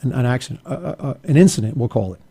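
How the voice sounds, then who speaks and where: A man's voice: mid-range voice, expressive, racing, creaky, mellow, husky. A man hosting a political talk show, arguing emphatically and going off on asides and restarts. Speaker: radio talk show host. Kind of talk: opinionated political commentary.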